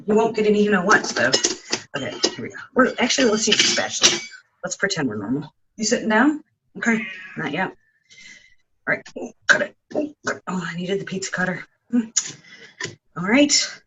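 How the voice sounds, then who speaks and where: A man's voice: high voice, animated, moderate pace, pauses often, lo-fi sound, background noise. A man chatting casually through a home cooking vlog, making joking asides and talking to his cat in his kitchen. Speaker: home cook vlogger.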